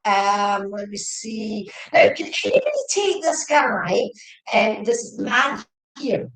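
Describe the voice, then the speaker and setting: A woman's voice: mid-range voice, animated, takes it slowly, fairly bright tone. A woman giving a live-streamed psychic reading, chatty and repetitive, speaking to viewers by name. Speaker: psychic medium. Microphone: webcam or phone. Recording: echoey room.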